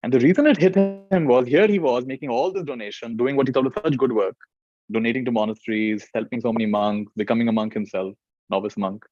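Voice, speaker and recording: A man teaching meditation, telling a story in a gentle, unhurried way with frequent fillers. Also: medium pitch, no echo, dull audio, soft background music. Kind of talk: storytelling dharma talk.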